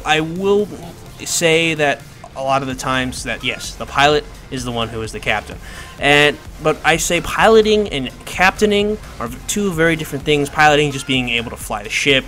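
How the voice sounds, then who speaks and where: A man talks through a video game tutorial in a loose, rambling way, cracking jokes at his own expense. His voice is bright and forward, and soft music plays faintly underneath. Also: medium pitch. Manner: casual, rambling, self-joking. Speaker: gaming video creator. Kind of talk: gameplay tutorial commentary. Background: faint background music.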